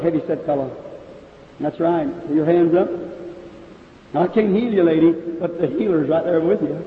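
A man preaching at a faith healing service, calling out people in the audience one by one, in an old hall recording. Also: on the high side. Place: large hall. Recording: old echoey hall recording, phone-like sound.

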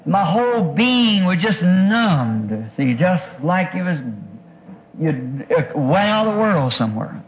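A man preaching a sermon, recounting an experience in an earnest, halting way with many repeated words. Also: sits high, very animated, muffled recording. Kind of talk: sermon testimony.

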